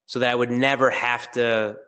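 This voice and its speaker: A man in his thirties, a business coach, telling an energetic motivational story on a webinar and acting out both sides of a conversation. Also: mid-range voice, moderate pace, clean tone.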